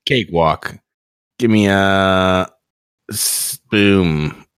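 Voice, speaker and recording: A man's voice: deep voice, very slow, fairly bright tone, smooth. A man playing in a tabletop game, joking wryly with the game master. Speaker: player.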